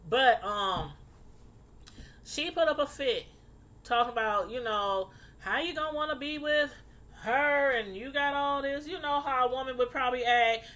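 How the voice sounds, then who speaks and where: Bright-voiced woman telling a true crime story. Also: measured pace. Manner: animated, outraged, rising high when indignant. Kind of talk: casual storytelling commentary.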